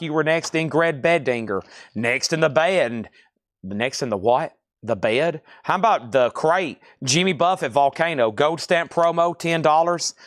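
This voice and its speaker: A man's voice: a little high, no room sound, clean studio sound. A man hosting a live-streamed record sale, rattling off items and prices with chatty asides. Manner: rapid item-and-price listing, chatty asides.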